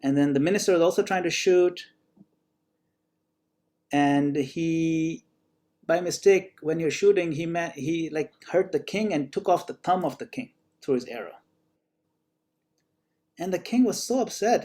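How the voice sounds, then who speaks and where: A man's voice: a little high, moderate pace, pauses often, a little mellow. A man teaching in an online class, telling a story in a conversational way with fillers. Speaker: spiritual teacher.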